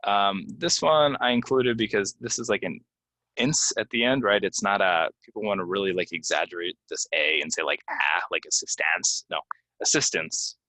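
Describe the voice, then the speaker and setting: A man teaching English pronunciation from slides, repeating each word slowly and giving example sentences with many ums. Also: fairly low pitch, pushed and bright, dry recording, rough recording. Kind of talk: slide-based pronunciation lesson.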